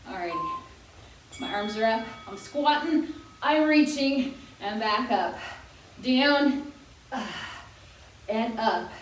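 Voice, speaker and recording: A woman's voice: on the high side, expressive, slow, long pauses, a little hiss or hum. A young woman leading a senior workout class as a fitness instructor, chatty, joking and encouraging while she exercises along. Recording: very echoey room, voice from far off.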